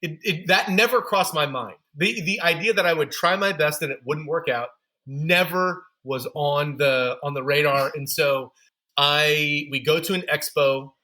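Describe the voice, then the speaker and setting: A man in his thirties speaks as a podcast guest, his voice pitched a little high and notably bright and forceful. He tells his story candidly and pokes fun at his own shortcomings. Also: measured pace. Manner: candid, self-deprecating storyteller. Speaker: podcast guest, running store founder.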